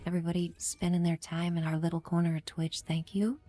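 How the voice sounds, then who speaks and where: A woman's voice: lowish voice, flat delivery, a little fast, music in the background. A woman with a Chicago Midwestern accent, live-streaming a game, chatting cheerfully and greeting viewers by name. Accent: Midwestern American, Chicago. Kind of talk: casual live-stream gaming chat.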